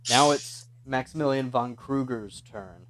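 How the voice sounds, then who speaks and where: A man narrating as game master of a tabletop horror game, in a measured, descriptive way. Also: mid-range voice, noisy background.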